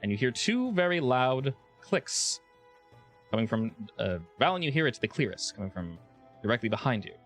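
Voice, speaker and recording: A man narrating as game master of a tabletop game, relaxed and a bit hesitant. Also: medium pitch, moderate pace, soft background music.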